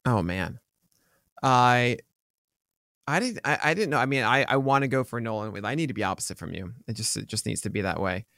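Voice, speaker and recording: A man's voice: medium pitch, expressive, fairly quick, creaky, pushed and bright, dry recording. Chatty man, dry close sound. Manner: chatty, filler-heavy, rambling with restarts. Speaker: podcast co-host. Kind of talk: casual sports chat.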